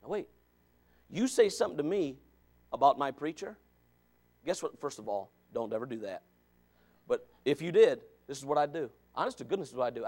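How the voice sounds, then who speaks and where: A Baptist preacher delivers a Sunday school sermon, hammering his points through repetition and building up to shouting. His voice sits on the high side.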